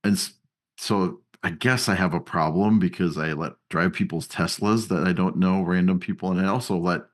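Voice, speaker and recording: A man co-hosting a podcast in casual chat, telling a story with animated, rising emphasis. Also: low voice, normal speed. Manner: animated storyteller, voice jumps up when worked up. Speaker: podcast co-host.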